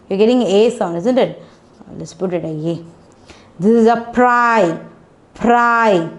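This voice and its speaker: Very slow-paced woman teaching phonics. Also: mid-range voice, darkish tone. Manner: spells words out letter by letter, repeats each word.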